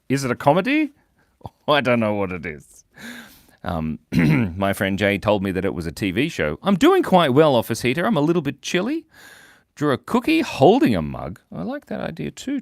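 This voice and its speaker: A man's voice: medium pitch, no echo, studio quality. A young Australian man hosting a live drawing stream, chatting playfully and laughing as he reads out viewer comments.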